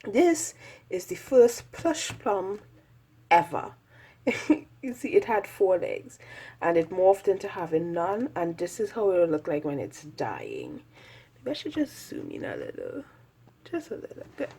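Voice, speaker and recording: Breathy, animated woman vlogger. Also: lowish voice, unhurried. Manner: chatty, rambling, self-mocking with frequent laughs. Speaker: artist vlogger. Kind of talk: casual sketchbook tour narration.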